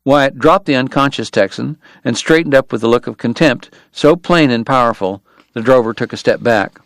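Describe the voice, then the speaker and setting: A man narrating a western novel in a measured, even storytelling manner. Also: mid-range voice, vocal fry, no room sound. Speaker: audiobook narrator. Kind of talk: scripted narration.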